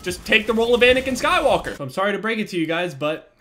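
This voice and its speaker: A man's voice: high-pitched, lively intonation, rapid-fire, a bit bright. A man ranting about online gaming in a profane, exasperated vlog monologue. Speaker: gaming youtuber.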